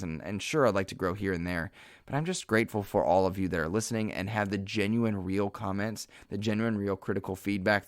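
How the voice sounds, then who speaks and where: A man's voice: on the low side, no room sound, studio quality. A man hosting a solo gaming podcast, talking in an earnest, heartfelt way with many fillers and restarts. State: slightly emotional. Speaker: podcast host.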